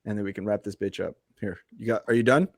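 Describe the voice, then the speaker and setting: A man's voice: fairly low pitch, fairly even intonation, fast talker. A man in his thirties hosting a podcast, joking around casually and swearing a lot. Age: 30s. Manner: joking, profane, loose. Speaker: podcast host. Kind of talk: casual chat.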